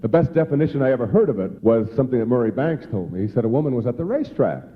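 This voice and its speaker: A man, a therapist and motivational speaker, giving a humorous lecture to a live audience with animated, joking storytelling. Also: mid-range voice, racing. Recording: dull lo-fi recording in a reverberant hall.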